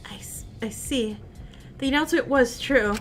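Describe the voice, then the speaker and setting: A woman reading out the lines of a calm, composed woman doctor in a game, measured and apologetic. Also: high-pitched, soft background music, natural voice.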